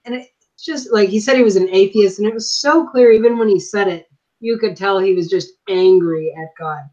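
A woman's voice: mid-range voice, fairly quick, warm tone. A woman guest in a casual faith conversation, speaking earnestly and affirming what the host says. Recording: muffled lo-fi audio.

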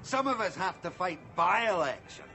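Pompous posh politician, high animated delivery, theatrical airs. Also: male voice, moderate pace, faint music behind, heavily acted. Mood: indignant. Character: pompous middle-aged Labour-style politician who lost his accent. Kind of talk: sitcom acting.

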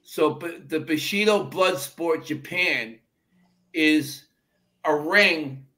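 Bright-voiced man, halting explanation. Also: on the high side. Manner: halting, searching for words. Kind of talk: casual chat.

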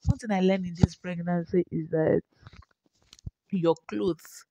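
A young woman vlogger narrates over clips, chatting emotionally about her pregnancy, repeating herself often and laughing. Her fairly low voice is mellow and steady, unhurried, on a rough recording.

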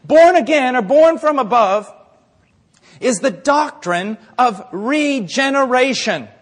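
A man delivers an impassioned sermon in a strikingly high voice. He drives his points with rhetorical questions and dramatic pauses, and his words ring out with a long reverb through a large hall. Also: expressive. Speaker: preacher.

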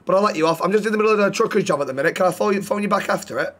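A man's voice: high-pitched, very fast, fairly bright tone. A man streaming a roleplay game, chatting casually with lots of swearing and teasing banter.

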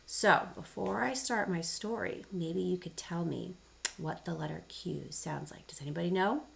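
A woman teacher reading a picture book aloud to children, animated and asking them questions. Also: lowish voice, moderate pace, vocal fry, a little hiss or hum.

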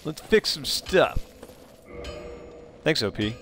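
Animated, gravelly-edged male streamer. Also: slow, slight background noise. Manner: playful and chatty, greets viewers, jumps up high on exclamations. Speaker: game streamer. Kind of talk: casual live-stream chat while playing.

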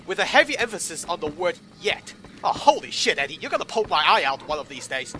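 A man's voice: high-pitched, sing-song, brisk, hardly any pauses, sharp tone, faint music behind. A man giving comedic gameplay commentary in a sarcastic, profane, exasperated manner. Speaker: commentator voicing the player character.

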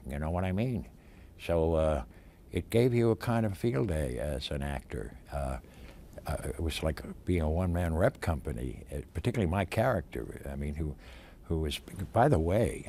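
An older man, an actor, reminiscing in an interview in a halting way, with many fillers and restarts. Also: low-pitched, a little hiss or hum. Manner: halting, many fillers and restarts, animated when stressing points.

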